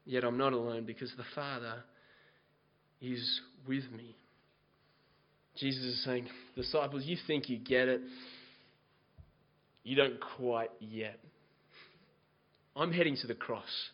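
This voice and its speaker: A man preaching a sermon, moving from quiet scripture reading to loud, impassioned exhortation. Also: mid-range voice, highs cut off. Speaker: pastor.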